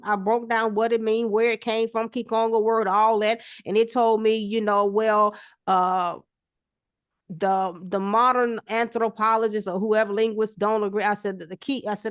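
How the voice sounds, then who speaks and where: A woman's voice: on the high side, moderate pace, a bit bright, dry recording, clean studio sound. A woman in casual discussion as co-host, telling stories with animation and acting out the exchanges she quotes.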